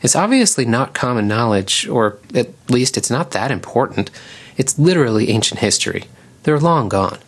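A man voicing a playful young lioness girl in an audiobook, lifting his voice into a bright teasing lilt. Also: medium pitch, big pitch swings, normal speed, voice pushed up. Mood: reassuring. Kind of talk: audiobook character voice.

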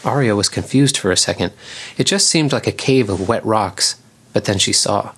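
A man narrating an animal story in a calm, measured audiobook style. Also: fairly low pitch, breathy edge.

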